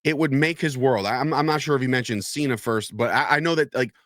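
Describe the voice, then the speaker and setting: A man's voice: medium pitch, fast, fairly bright tone, dry recording. A man in his thirties co-hosting a casual wrestling podcast, swearing freely and acting out quotes. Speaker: podcast co-host. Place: podcast studio.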